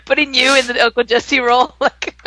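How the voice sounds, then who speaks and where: A woman's voice: sits high, level tone, a little fast, bright, forceful tone, no echo. A woman with a Texan accent co-hosting a casual live show, laughing a lot as she talks. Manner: giggly, laughs often. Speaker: co-host. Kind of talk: casual livestream chat.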